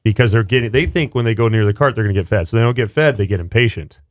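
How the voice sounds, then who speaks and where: A man's voice: on the low side, very fast. A man co-hosting a golf radio talk show in casual banter, easygoing and explaining things patiently with short agreeing replies.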